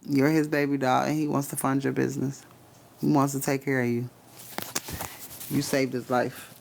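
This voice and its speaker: A man's voice: medium pitch, level tone, moderate pace, gravelly, slight background noise. A man giving spiritual readings on a casual live stream, cursing freely, laughing often and talking straight to his chat.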